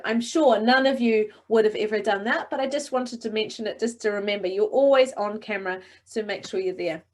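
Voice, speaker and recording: A middle-aged woman coaching speakers in a webinar, encouraging and expressive, talking over a video call. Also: mid-range voice. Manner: encouraging, expressive, demonstrates voices. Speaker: presentation coach.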